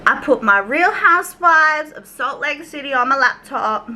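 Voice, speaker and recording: A woman's voice: high-pitched, lively intonation, moderate pace, bright, forceful tone, slight background noise, low-quality recording. A young Australian woman telling a storytime rant in a casual, chatty way, swearing, wandering off on tangents and acting out her conversations. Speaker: YouTube commentary vlogger.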